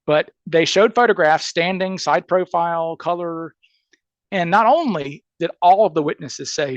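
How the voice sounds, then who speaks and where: A man's voice: a little high, moderate pace, dry recording, muffled recording. A man with a Southern accent, a criminal defense attorney on a podcast interview, laying out a case emphatically and checking in with "okay?" and "right?" as he goes.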